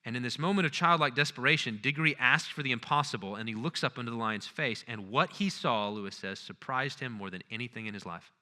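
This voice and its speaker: Earnest man lecturing, bright sharp tone. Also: medium pitch, fast talker, hardly any pauses, in a large hall. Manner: earnest, storytelling, checking in with the audience. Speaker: conference lecturer. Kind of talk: lecture on literature and faith.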